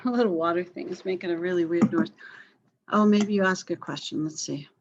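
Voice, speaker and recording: A woman's voice: fairly low pitch, fairly quick, noisy background. Woman teaching history on a muffled call. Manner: conversational, apologetic asides, frequent fillers. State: coughing, yawning. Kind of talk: online class lecture.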